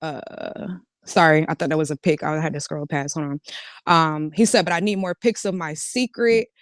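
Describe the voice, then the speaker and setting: A woman with a lowish, smooth, clear voice tells a casual storytime. She reads a chat exchange line by line, switching between "he said" and "I said". Her voice sounds dry and close. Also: steady tone, normal speed, no echo. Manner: recounts a back-and-forth, switching between "he said" and "I said". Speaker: storytime vlogger.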